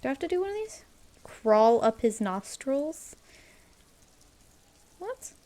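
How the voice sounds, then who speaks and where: A woman's voice: high voice, very animated, slow, dark tone. A young woman streaming a game, reading its text aloud and breaking off to react with squeals and laughter. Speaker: gameplay streamer.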